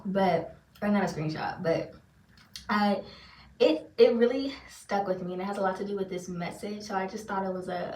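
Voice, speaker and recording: A woman who works as a spiritual reader and channeler, talking to her viewers in a loose, chatty and self-deprecating way with lots of fillers. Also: medium pitch. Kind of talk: casual rambling monologue to viewers. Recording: roomy sound, far from the mic.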